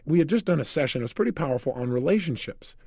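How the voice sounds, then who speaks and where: Male motivational speaker, quick and lively, acts out his stories. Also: a little high, gravelly, breathy edge, no room sound. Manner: animated storyteller, acts out scenes. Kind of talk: motivational seminar talk.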